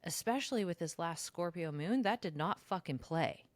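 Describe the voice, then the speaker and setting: Low-voiced reflective woman podcaster. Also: animated, normal speed, no room sound. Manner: reflective, lots of "like", slips into high mocking voices when quoting herself. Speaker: podcast co-host. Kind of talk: casual spiritual chat.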